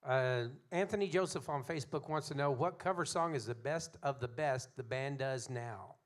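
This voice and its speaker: A man's voice: mid-range voice, normal speed. A man on a casual talk show, adding brief dry remarks and reading out viewer questions. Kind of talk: casual banter.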